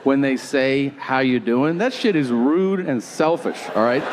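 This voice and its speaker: A stand-up comedian with a mid-range voice tells an unhurried story with few pauses, acting out its characters and mimicking their quoted lines. He sounds incredulous and exasperated. It's a live stage recording, so the audience can be heard.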